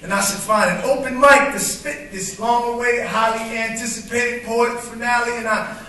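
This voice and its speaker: Man, spoken word poet, high voice, rhythmic emphatic delivery, live open mic, very roomy echo, faint noise. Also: fairly even intonation, normal speed, sharp tone. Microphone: stage microphone. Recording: very echoey room from far off, faint noise.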